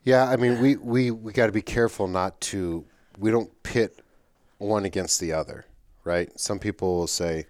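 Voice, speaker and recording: A man with a very low, deep voice explains theology in a methodical, step-by-step way. The sound is dry and close, with almost no room echo. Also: fairly even intonation, moderate pace, darkish tone. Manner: explanatory, builds arguments step by step. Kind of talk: theological discussion.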